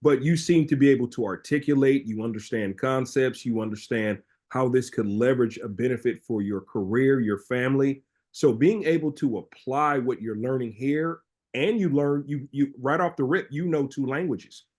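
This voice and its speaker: A man's voice: mid-range voice, moderate pace, darkish tone. Supportive man co-hosting a webinar. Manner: supportive, loose, some restarts. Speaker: co-host. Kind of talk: live Q&A webinar.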